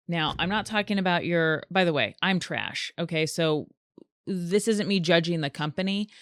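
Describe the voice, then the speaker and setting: A woman hosts a comedic podcast on her own, chatty and animated, slipping into quoted voices. Her voice sits a little low and sounds smooth and clear. The sound is dry and close to the mic. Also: no room sound. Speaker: podcast host. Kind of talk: solo comedic podcast monologue.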